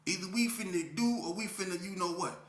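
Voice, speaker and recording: A man telling a story from his youth in a casual, animated way, full of slang and often checking in with the listener. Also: high-pitched, a little fast, reverberant, a little hiss or hum.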